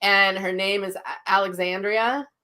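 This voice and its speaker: Animated woman telling a story. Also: measured pace, clear, resonant tone. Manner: animated retelling, acts out quotes with big pitch jumps. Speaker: host, psychic medium. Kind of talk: casual storytelling chat.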